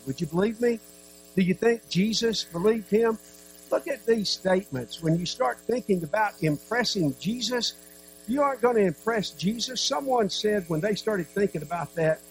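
A man preaching a sermon, earnest, with dramatic pauses and sudden drops to a soft voice. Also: on the high side, slight background noise, poor audio.

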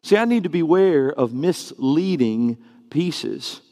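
A man preaching a sermon to his congregation, earnest and emphatic, slowing and speeding up to stress his points. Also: fairly high pitch, expressive, warm tone. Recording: long reverb of a church hall.

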